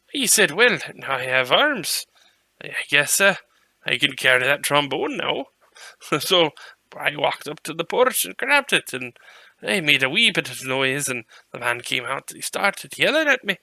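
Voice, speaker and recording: A man's voice: fairly high pitch, gravelly, pushed and bright, no room sound, heavily acted. A man voicing Poro, a cheeky male mutant reindeer who spins a rambling tale in a put-on Scottish-style brogue. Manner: chatty, folksy, rolls through a tall tale. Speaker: player. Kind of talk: in-character tabletop storytelling.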